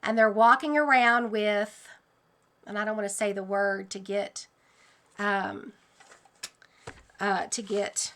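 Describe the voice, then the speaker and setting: A woman hosting her own channel, speaking in a casual, animated and earnest monologue about her dreams. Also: medium pitch, slow, long pauses. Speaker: channel host sharing dreams.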